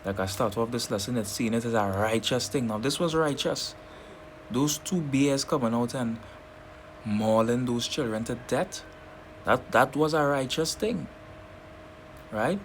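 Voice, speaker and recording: A man teaching a scripture lesson who keeps checking in with "right?" and reads verses slowly and deliberately. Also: medium pitch, slight background noise. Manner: keeps asking "right?" between points. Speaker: preacher.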